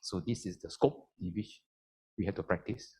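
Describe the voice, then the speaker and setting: A man's voice: deep voice, moderate pace, darkish tone, breathy edge. A man giving a Buddhist sermon as a lay speaker, emphatic and explaining step by step.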